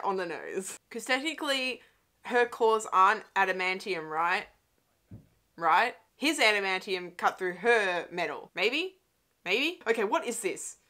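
A woman's voice: mid-range voice, bright, forceful tone. A young adult woman hosting a casual movie commentary from home, chatty and laughing often, with frequent swearing. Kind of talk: casual watch-along film commentary. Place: home room.

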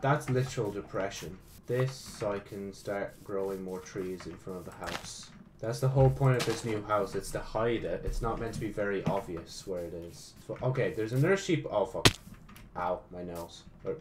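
A man hosting his own gaming channel, giving casual gameplay commentary, excitable and swearing often as he talks to himself. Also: lowish voice, noisy background.

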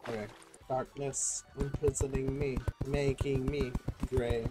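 A man's voice: medium pitch, flat delivery, takes it slowly. A young man streaming a game in casual, goofy commentary, often yelping and laughing. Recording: game music underneath.

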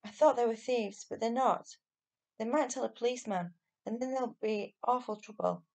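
A woman's voice: on the high side, fairly even intonation, moderate pace, darkish tone. A woman reading aloud and voicing a brave young boy who speaks urgently and pleads. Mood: urgent pleading.

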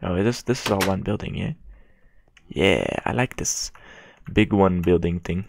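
A man's voice: low voice, lively intonation, moderate pace, vocal fry, a little mellow, no room sound. A man giving casual gameplay commentary, rambling and mocking himself as he chats to the game's characters. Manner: rambling and self-mocking, chatting to game characters. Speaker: gaming video creator.

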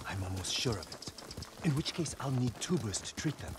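A man playing a calm, knowledgeable village healer in a video game, giving careful, measured instructions. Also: mid-range voice, noisy background, lightly acted. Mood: instructive.

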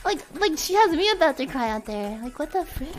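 A goofy, playful woman chatting to her stream audience in a high, bright register. She jumps between jokes and quick thoughts, and faint music plays behind her. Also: very animated. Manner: playful, goofy, breaks into sung noises and silly bits. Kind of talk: casual livestream chat in a virtual world.

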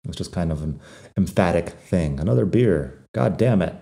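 A man teaching Spanish slang in a relaxed, wry, conversational podcast lesson, with a non-native accent when he says the Spanish words. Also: low-pitched, moderate pace, creaky. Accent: non-native Spanish accent when speaking Spanish.

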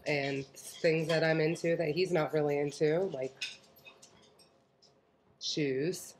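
Chatty woman with a really low voice, faint hiss behind her. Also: steady tone, takes it slowly, long pauses. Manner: chatty, chimes in, laughs easily. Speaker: co-host of a keto vlog channel. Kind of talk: casual chat.

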